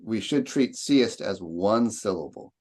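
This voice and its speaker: A man's voice: lowish voice, lively intonation, unhurried, a little mellow. A man leading an online poetry seminar, explaining stress and meter and asking students questions. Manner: explanatory, questioning, tapping out rhythms.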